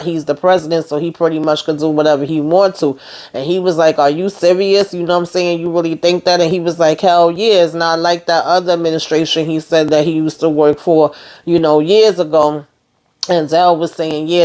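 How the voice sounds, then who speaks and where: Woman, casual recap vlogger, animated storytelling, lots of fillers. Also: deep voice. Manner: animated retelling, quoting characters, many fillers.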